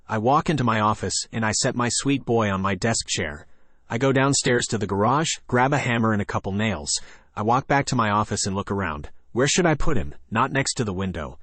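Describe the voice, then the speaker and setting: Low-voiced man narrating a horror story. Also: animated, a little fast, fairly bright tone, no echo.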